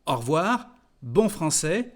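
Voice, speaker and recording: A man's voice: fairly high pitch, sing-song, a little slow. A man with a French accent, teaching French to English speakers and repeating example phrases patiently. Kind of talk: language lesson.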